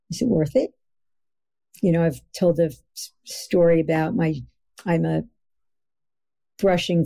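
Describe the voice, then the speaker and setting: A middle-aged woman speaking as an expert guest on a podcast interview, earnest and emphatic, slowing down to stress key phrases. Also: fairly low pitch, creaky, mellow, husky.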